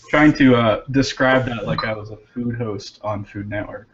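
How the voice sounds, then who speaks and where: A man casually describing homemade pickles on a cooking stream, relaxed with many fillers. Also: mid-range voice, normal speed, slight background noise. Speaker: cook on a stream. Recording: dull lo-fi stream audio.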